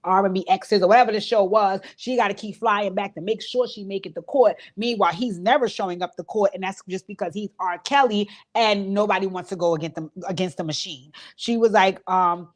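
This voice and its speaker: A woman with a mid-range voice hosts her own channel, casually recapping an interview as a story and relaying what others said. She talks a little fast with few pauses, and her informal speech is full of fillers.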